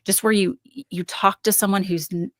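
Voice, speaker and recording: A woman's voice: mid-range voice, steady tone, a little fast, dry recording, clean studio sound. A woman speaking as a podcast guest, talking things through thoughtfully in casual conversation with frequent fillers. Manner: thoughtful, analytical, many fillers.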